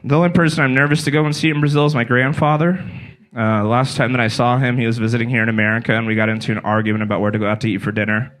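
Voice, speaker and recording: Stand-up comic, man in his twenties, from California, deadpan storyteller. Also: mid-range voice, racing, hardly any pauses. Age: 20s. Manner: deadpan storytelling with acted-out quotes. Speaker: stand-up comedian. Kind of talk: stand-up set. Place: small comedy venue with a live audience.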